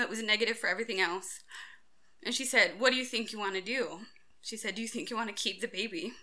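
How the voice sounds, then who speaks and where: A woman, candidly telling her own story and acting out the voices of others, sometimes rising sharply. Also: mid-range voice. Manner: candid storytelling, acts out quoted voices with sudden loud peaks. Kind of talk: personal story interview.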